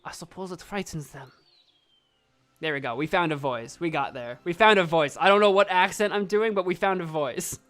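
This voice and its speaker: A woman's voice: lowish voice, fairly quick, hardly any pauses. A woman streamer giving casual, self-deprecating let's-play commentary, thinking aloud as she reads.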